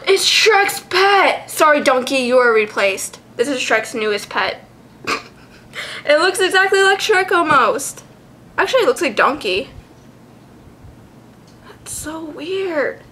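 High-voiced young woman, giggly and casual. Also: sharp tone. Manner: giggly, swears freely, sounds out names. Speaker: card collection vlogger. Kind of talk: casual chat.

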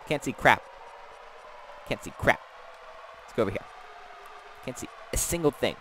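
A man's voice: medium pitch, moderate pace, pauses often, a bit bright, slight background noise. A man giving goofy, rambling commentary while playing a video game, often talking back to the characters. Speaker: let's play gamer. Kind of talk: casual gameplay commentary.

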